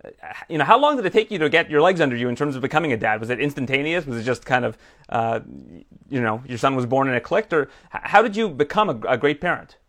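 Casting: male interviewer, brisk pace, chatty and probing. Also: medium pitch, lively intonation, a bit bright. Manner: fast, probing, with fillers. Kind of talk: interview questions.

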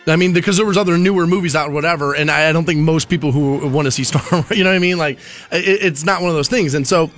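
A man's voice: a little high, fast talker, fairly bright tone, soft background music. Rambling casual male talk show host. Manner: rambling, conversational, with restarts.

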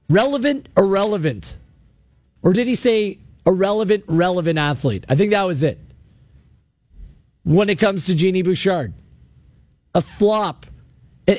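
High-voiced, sarcastic radio host man. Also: dry recording. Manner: emphatic, sarcastic ranting. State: losing his voice. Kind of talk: call-in sports talk radio. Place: radio studio.

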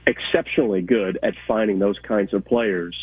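A man's voice: on the low side, moderate pace, husky, dry recording. A man who is a weekly guest on a sports radio show, talking in emphatic bursts with frequent restarts. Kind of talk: casual sports talk. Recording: tinny phone-like line.

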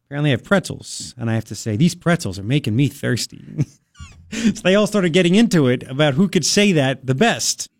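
A man's voice: fairly high pitch, very animated, a little fast, no room sound. A man hosting a radio talk show, chatting casually and laughing, mocking people in a playful voice. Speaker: radio host.

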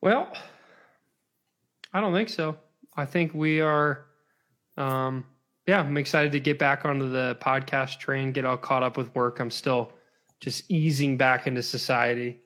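A man's voice: mid-range voice, fairly even intonation, unhurried, a bit bright. Rambling good-humored podcast man. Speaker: podcast co-host and fitness coach. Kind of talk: casual podcast chat.

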